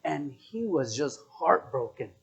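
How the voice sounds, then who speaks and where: A man's voice: fairly high pitch, slow pace, gravelly, breathy edge, highs cut off. A young man giving a casual, chatty sermon, telling a story and quizzing the audience. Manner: animated, chatty, asks audience questions. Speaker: preacher.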